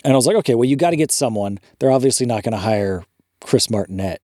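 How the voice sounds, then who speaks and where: A man's voice: mid-range voice, expressive, fast talker, dark tone, dry recording, studio quality. A man co-hosting a podcast in casual chat, ranting with disbelief and swearing freely. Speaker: podcast co-host.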